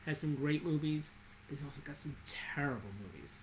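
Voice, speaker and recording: Low-voiced playful woman co-host. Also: animated, fairly quick, slight background noise, low-quality recording. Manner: playful, laughs often, guesses answers. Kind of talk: casual chat.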